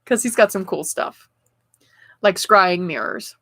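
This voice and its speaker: A woman's voice: mid-range voice, animated, unhurried, gravelly, a bit bright, dry recording, studio quality. A woman hosting a spiritual livestream, chatting casually with viewers while she reads oracle cards and laughs often. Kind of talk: casual live chat reading oracle cards.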